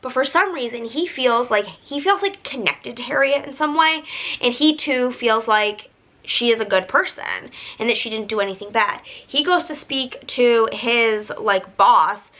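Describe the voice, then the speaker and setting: A woman's voice: on the high side, lively intonation, measured pace, bright, forceful tone, rough recording. A young woman vlogging about books in a casual, chatty way, full of "like" fillers as she retells scenes. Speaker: book vlogger.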